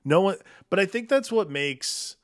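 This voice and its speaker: A man's voice: high voice, animated, a little slow, a bit bright, no echo, studio quality. A man co-hosting a casual film-discussion podcast, talking in loose, filler-heavy sentences. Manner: rambling, filler-heavy, restarts thoughts.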